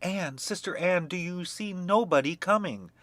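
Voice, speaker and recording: A man's voice: moderate pace, fairly bright tone, no room sound. A man voicing a frightened young wife who begs for time and calls out in desperation. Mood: desperate. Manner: high, pleading, desperate.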